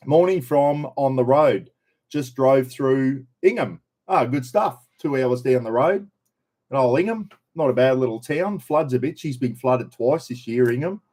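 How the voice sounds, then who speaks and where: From inside a caravan on the road, an Australian streamer with a mid-range, slightly mellow voice runs a casual live stream. He says hello to viewers by name in an easy, chatty manner.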